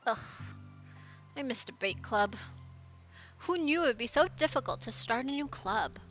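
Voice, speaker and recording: Donna che legge una studentessa presidente del club. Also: female voice, high voice, animated, moderate pace, fairly bright tone, soft background music. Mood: doubtful. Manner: plainly read dialogue. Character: composed teen girl, lonely club president.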